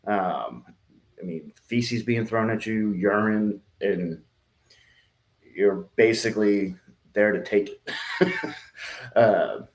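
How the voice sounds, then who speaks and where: A man co-hosting a podcast, speaking haltingly and thoughtfully, trailing off at times. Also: on the low side. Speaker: podcast co-host. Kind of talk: casual podcast chat.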